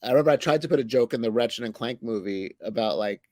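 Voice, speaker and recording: A man's voice: medium pitch, fast, a little mellow, no room sound. A man who works as a comic book editor, chatting casually, rambling and laughing as he tells jokes. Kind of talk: casual chat.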